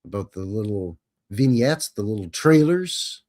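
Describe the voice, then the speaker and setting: A man's voice: fairly low pitch, expressive, measured pace, darkish tone. A man hosting a live show, chatting casually and greeting viewers by name. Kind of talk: casual livestream chat.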